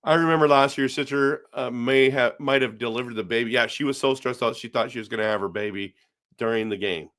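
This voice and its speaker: A man's voice: medium pitch, fast, a bit bright. Chatty man hosting a hockey stream. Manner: reads viewer comments aloud and responds chattily. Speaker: live stream host. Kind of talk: casual live-stream chat.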